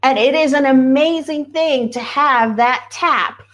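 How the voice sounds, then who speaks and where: Earnest higher-voiced woman coach. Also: unhurried, a bit bright. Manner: earnest, repeats key phrases for emphasis. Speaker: spiritual coach. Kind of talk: casual livestream talk.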